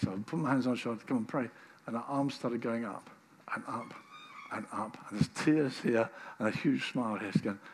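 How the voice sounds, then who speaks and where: A man preaching a sermon, telling stories and acting out the people in them, then closing in a soft, earnest prayer. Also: mid-range voice, brisk, slight background noise. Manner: storytelling, acts out quoted people, drops to soft prayer.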